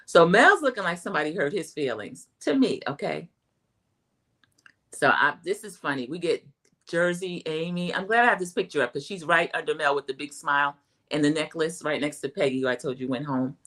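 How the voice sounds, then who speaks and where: A middle-aged woman giving a chatty, animated recap of a reality show, talking straight to her viewers. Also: low voice. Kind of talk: casual recap commentary.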